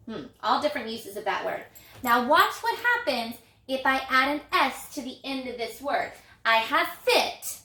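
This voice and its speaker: Teacher lady sounding out letters for kids, slow and sing-songy, echoey room. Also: high-pitched, sing-song, sharp tone. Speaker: elementary reading teacher. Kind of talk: recorded phonics lesson for young children.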